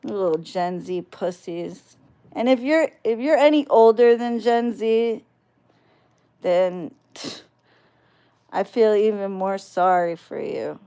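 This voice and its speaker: Slow-talking profane woman ranting. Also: medium pitch, lively intonation, mellow, smooth. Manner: profane, combative, mocking. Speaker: video channel creator. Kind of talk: ranting vlog.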